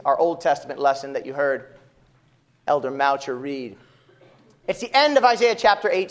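A man preaching a sermon as pastor, emphatic and rhetorical, repeating phrases for weight. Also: high voice.

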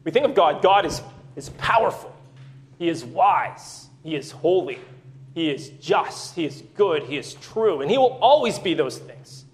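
A man with a high-pitched voice preaches a sermon. He teaches earnestly and at a steady pace, stopping to put rhetorical questions to his listeners. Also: a little slow.

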